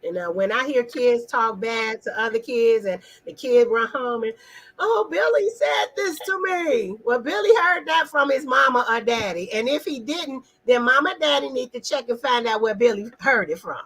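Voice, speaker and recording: A woman with a husky, bright voice pitched a little high hosts a casual live talk. She speaks emphatically and preaches a little, throwing questions at her listeners and calling out to the viewers in the chat. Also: moderate pace, few pauses, poor audio. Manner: talks directly to viewers in the chat. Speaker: host of an online live talk.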